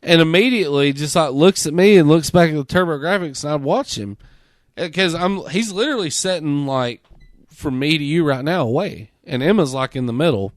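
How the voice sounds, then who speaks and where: A man hosting a podcast, telling a story in a casual, profane, animated way and mimicking the people he quotes. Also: on the high side, fairly quick, dry recording, studio quality. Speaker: podcast host.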